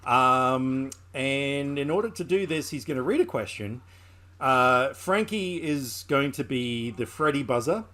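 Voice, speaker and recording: A man's voice: medium pitch, expressive, unhurried, sharp tone. A man hosting a podcast in casual chat, joking and rambling and laughing often. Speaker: podcast host.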